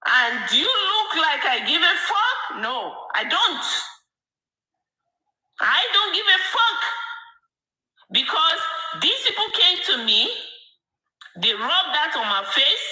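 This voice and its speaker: A woman's voice: high-pitched, sing-song, takes it slowly, pauses often, bright, forceful tone, echoey room, poor audio. A woman commentator delivering a heated, emphatic late-night rant to her viewers, repeating herself for force. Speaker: online commentator.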